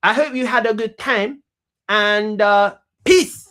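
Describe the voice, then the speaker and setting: Speaking slowly in a high, pushed, bright voice, a man hosts a comedy talk show. He rambles with swagger through his monologue, using lots of slang and repeating himself.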